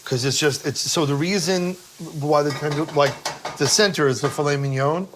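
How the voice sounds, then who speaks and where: A man talks in a somewhat raised register. He tells stories with lots of animation and frequent laughter. He is a guest in a relaxed podcast chat set in a kitchen. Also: on the high side, normal speed, background noise. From Brooklyn, New York. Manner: animated storyteller, laughs often.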